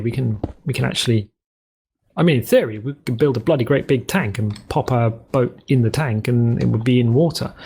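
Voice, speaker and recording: A man's voice: mid-range voice, a little hiss or hum. Guy chatting through his game, jokey and rambling, faint keyboard clicks behind. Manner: rambling, jokey, self-correcting. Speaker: let's play host. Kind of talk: casual gameplay commentary.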